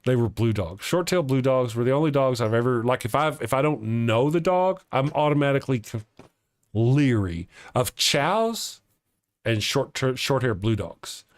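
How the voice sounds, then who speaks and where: A man's voice: mid-range voice, expressive, moderate pace, dry recording. A man hosting a live stream in casual chat, rambling and chuckling as he reads viewer comments aloud. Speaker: live-stream show host.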